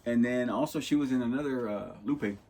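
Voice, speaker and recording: Talking fairly quickly in a mellow, medium-pitched voice, a man hosts a podcast about films. His chat is casual and rambling, and he performs lines from movie stories in an easygoing manner.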